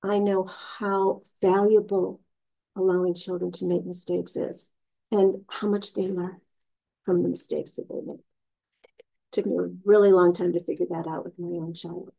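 A woman's voice: medium pitch, steady tone, unhurried, vocal fry, warm tone, no room sound, poor audio. A woman who is a teacher and a parent, earnestly sharing what she has learned from experience.

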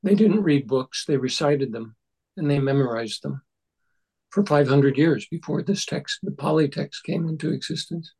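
Husky, halting older man leading a study group. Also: on the high side, darkish tone, rough recording. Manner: halting, thoughtful, many restarts. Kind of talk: discussion of a Buddhist text.

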